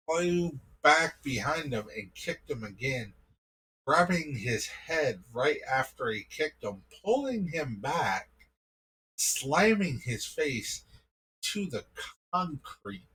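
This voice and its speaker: Man, improvised storyteller, slow and husky, rambling casual telling. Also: medium pitch, a bit bright, rough recording.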